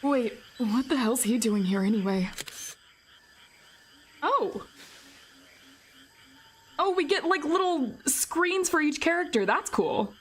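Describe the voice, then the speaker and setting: A woman's voice: high voice, expressive, slow, long pauses. A woman in her forties streaming a visual novel read-through, playful and chatty with her viewers, often breaking into laughter. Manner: playful, talks directly to viewers. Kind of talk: casual live-stream chat.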